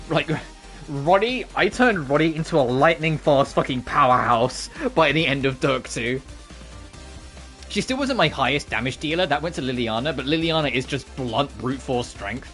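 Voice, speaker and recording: Low-voiced swearing woman streamer. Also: expressive, measured pace, a bit bright, faint music behind. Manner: chatty, swears freely. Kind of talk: casual gameplay commentary.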